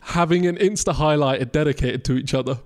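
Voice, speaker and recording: A man co-hosting a podcast in casual chat, cheeky and joking, quick to laugh. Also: fairly high pitch. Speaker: podcast co-host.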